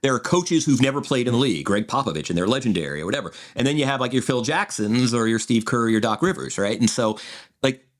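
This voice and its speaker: A man's voice: medium pitch, animated, fast. A man in his forties co-hosting a podcast, chatting in a digressive way with frequent restarts. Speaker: podcast co-host. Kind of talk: casual chat.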